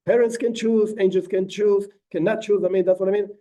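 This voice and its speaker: Rabbi teaching a text, lively asides; high, mellow voice, mic set back. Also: male voice, brisk, distant mic. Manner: animated, acts out quotes, frequent asides like "whatever". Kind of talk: informal text lesson.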